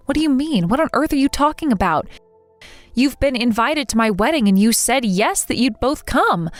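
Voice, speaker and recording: A woman's voice: on the high side, no room sound, lightly acted. A woman voicing an exasperated young bride in a text-message story, demanding and indignant toward her sister.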